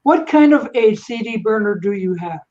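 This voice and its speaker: A man asking questions in a casual group chat, halting and repeating his words. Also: high-pitched, animated, darkish tone, dull audio.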